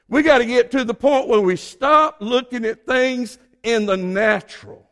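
High-voiced Southern preacher from Georgia. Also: male voice, measured pace, hardly any pauses. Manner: emphatic preaching, swings between quiet asides and loud exhortation. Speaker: pastor. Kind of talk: sermon.

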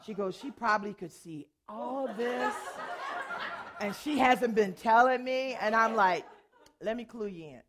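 An older woman pastor and worship leader, preaching in a storytelling way, animated and often laughing as she tells a personal story. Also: on the high side, measured pace, a crowd in the background. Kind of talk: sermon storytelling.

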